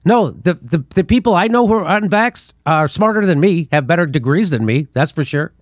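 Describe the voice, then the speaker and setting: A middle-aged man hosts a political commentary show in a slightly high, lively voice. He sounds scornful and laughs between his points. The sound is close and dry, with no room echo. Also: a little fast. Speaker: show host.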